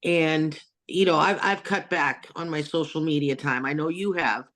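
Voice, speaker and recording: A woman's voice: deep voice, moderate pace, fairly bright tone. A woman hosting an interview over a video call, talking earnestly and rambling, with many restarts and fillers. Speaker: host. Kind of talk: casual interview chat.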